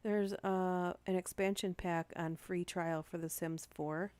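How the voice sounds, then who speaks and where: Soft-spoken woman streamer, low voice. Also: fairly even intonation, unhurried, no room sound. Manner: soft-spoken, close to the mic. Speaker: streamer reading stories. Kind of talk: reading stories aloud to live chat. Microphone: close-up microphone.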